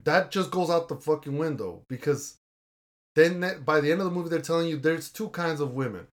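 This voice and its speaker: A man's voice: fairly high pitch, fairly quick. A young man hosting a casual podcast, reviewing a movie in a blunt, argumentative way and swearing casually. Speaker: podcast host.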